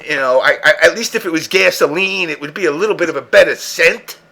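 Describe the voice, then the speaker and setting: Brief: male podcast host, a bit high, tense and bright, rough gravelly edge, profane storyteller. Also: fast. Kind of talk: casual chat.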